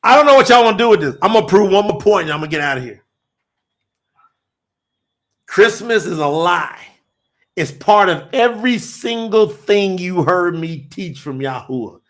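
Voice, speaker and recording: A man preaching on a livestream, fiery and emphatic, rising to shouts, then chatting loosely with his viewers between points. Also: high-pitched, expressive, normal speed. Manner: addresses the audience as y'all, loose and conversational between points. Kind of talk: livestream sermon and chat with viewers.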